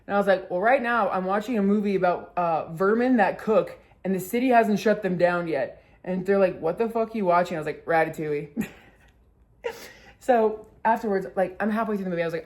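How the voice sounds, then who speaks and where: A woman's voice: fairly quick, darkish tone. Young woman vlogger, casual storytime, filler-heavy, giggly. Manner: filler-heavy with constant "like", bursts into laughter; acts out quotes with sudden high squeals.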